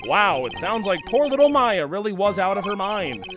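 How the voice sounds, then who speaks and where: A man doing casual let's-play commentary, cracking sarcastic jokes between lines of dialogue. His voice moves through a lively pitch range. Game music plays clearly behind him. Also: normal speed. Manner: joking, crude, sarcastic asides. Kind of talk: casual gameplay commentary and reading.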